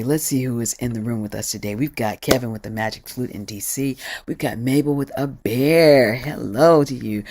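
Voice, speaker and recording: A woman's voice: very deep voice, a little mellow, no echo. A woman leading an online sing-along on a video call, upbeat and chatty, greeting participants one by one. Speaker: song leader.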